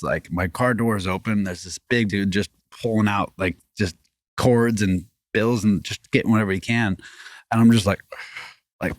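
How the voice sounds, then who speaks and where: Low-voiced man telling a rambling story. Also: no echo, clean studio sound. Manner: rambling, animated, many restarts and fillers. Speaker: podcast guest, former fighting champion. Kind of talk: casual storytelling chat.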